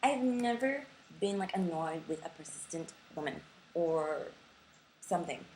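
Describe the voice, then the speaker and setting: A woman's voice: lowish voice, animated, a little slow, a little mellow, a little hiss or hum, low-quality recording. A young woman with a sore throat, ranting bluntly to camera in a casual vlog and swearing freely. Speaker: vlogger.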